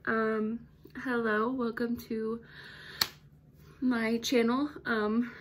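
A woman's voice: a little high, little pitch movement, very slow. Young woman, casual vlog, rambling, chatty, slightly breathless, bedroom, faint background noise. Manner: rambling, chatty, many fillers. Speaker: vlogger. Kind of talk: casual vlog talk to camera. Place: bedroom at home.

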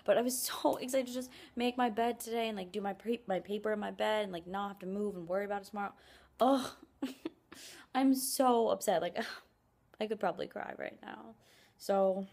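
Speaking fairly quickly in a steady, mid-range voice that's gravelly and darkish, a young woman in college chats to camera from her apartment. Her vlog talk rambles, full of "like" and self-deprecating complaints.

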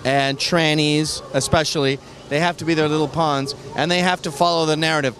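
A man's voice: a little high, brisk, a bit bright. A man hosting a talk show who speaks bluntly, crudely and mockingly. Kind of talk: casual chat, opinion monologue.

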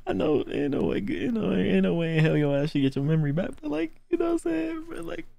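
Male reaction host, casual, excitable and profane, very lively pitch. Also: fast, creaky, dry recording. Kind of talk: casual cartoon reaction commentary.

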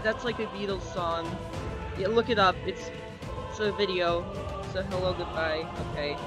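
A man giving excitable live commentary while playing an online game, with a desk microphone. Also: high-pitched, low-quality recording. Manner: excitable, quick reactions and exclamations. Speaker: gamer. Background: faint game music.

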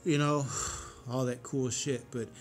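A man's voice: mid-range voice, steady tone, slow, soft background music. A man in his forties vlogging in a casual, rambling monologue, cursing freely and getting heated. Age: 40s.

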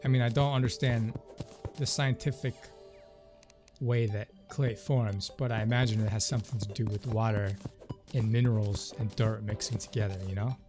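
A man's voice: lowish voice, fairly even intonation, moderate pace. A man giving casual, rambling commentary as he plays a video game. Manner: chatty, rambling asides. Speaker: let's play host. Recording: game music behind the voice.

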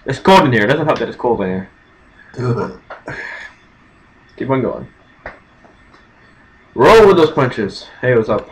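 A man playing a game, commenting nervously to himself and haltingly reading on-screen text aloud. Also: mid-range voice, very animated, low-quality recording. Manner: jumpy, nervous self-talk. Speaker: game streamer. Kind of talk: let's-play commentary.

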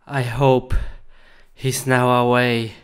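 A man acting the hero in a comedic skit, with exaggerated grunts and shouts in broken English. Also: mid-range voice, level tone, takes it slowly, slight background noise. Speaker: skit actor playing a game hero.

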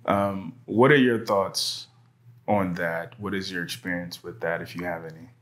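A man's voice: deep voice, fairly even intonation, a little slow, fairly bright tone. A man hosting a casual conversational interview, laid-back and reassuring, speaking on a lapel mic in a studio. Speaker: podcast host. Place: indoor studio with white background.

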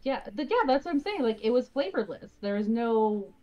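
A woman's voice: a little high, lively intonation, brisk. A woman chatting casually with friends while gaming, explaining things at length and laughing often. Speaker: streamer. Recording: slightly dull lo-fi mic.

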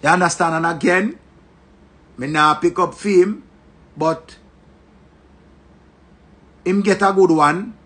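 A man with a Jamaican accent giving animated, joking commentary and repeating his phrases. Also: high-pitched, takes it slowly, long pauses, slightly rough. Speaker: social media commentator. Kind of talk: casual commentary.

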